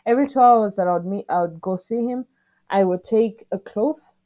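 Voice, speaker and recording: With a warm, medium-pitched voice at normal speed, this young podcast co-host from southern Africa relives a personal episode, earnestly voicing both sides of her conversation with staff. It's an emotional retelling, and the audio sounds dull.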